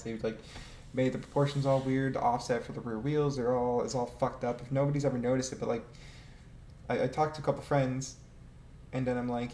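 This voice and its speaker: In an echoey space with faint noise behind him, a man with a darkish, mid-range voice ranks game vehicles casually. His talk is hesitant and meandering, peppered with laughs and the odd curse word.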